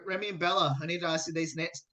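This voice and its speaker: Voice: medium pitch, fairly even intonation, quick pace, sharp tone. An interviewer from Australia asking casual questions over a video call, with fillers. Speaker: radio interviewer.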